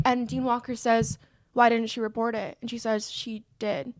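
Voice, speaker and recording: A woman in casual podcast chat with a somewhat high voice. She retells scenes, acting out quoted lines in an animated way. The sound is dry and close, with no room echo. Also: normal speed. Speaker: podcast co-host.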